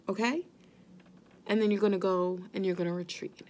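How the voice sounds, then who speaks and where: A mother vlogging straight to her viewers, earnest and gentle, reassuring them that they are not alone. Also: mid-range voice, fairly quick. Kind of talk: heartfelt direct-to-camera talk.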